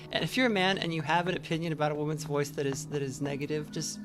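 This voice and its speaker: Game streamer, casual let's play chat, rambling with lots of fillers, mid pitch, game music behind. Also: fast. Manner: rambling, many fillers and restarts.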